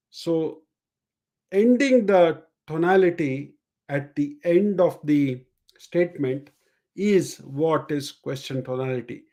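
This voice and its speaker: His voice sits on the high side yet has a dark tone. He's a sales and communication coach teaching a live-streamed lesson, explaining and demonstrating ways of speaking while often repeating his main points.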